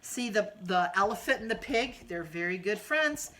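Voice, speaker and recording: Bright-voiced woman reading to children. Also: mid-range voice, animated, normal speed. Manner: gentle, sing-song, talking to small kids. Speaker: children's storyteller. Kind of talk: reading a picture book to children.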